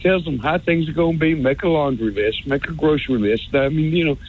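A man's voice: on the high side, brisk, a little hiss or hum. A man calling in to a sports radio show, ranting sarcastically and stammering over repeated words. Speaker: caller. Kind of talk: rambling call-in rant. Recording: phone line.

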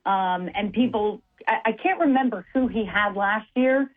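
A woman's voice: mid-range voice, normal speed. A woman reporter, chatting casually on the radio in a self-deprecating, chatty way. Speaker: sports reporter. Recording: tinny phone line.

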